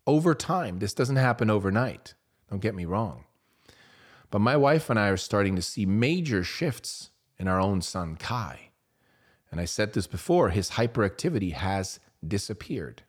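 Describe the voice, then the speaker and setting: A man's voice: on the low side, big pitch swings, moderate pace, husky. A man, a parent, giving an earnest, persuasive motivational talk full of rhetorical questions. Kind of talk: motivational monologue.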